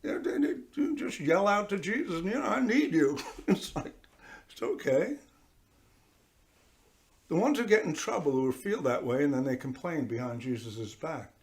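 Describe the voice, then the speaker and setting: A man's voice: fairly high pitch, normal speed, long pauses. A man, a priest giving a conversational sermon, talking straight to his listeners and acting out little voices as he goes. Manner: animated, talks straight to listeners, acts out voices. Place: church.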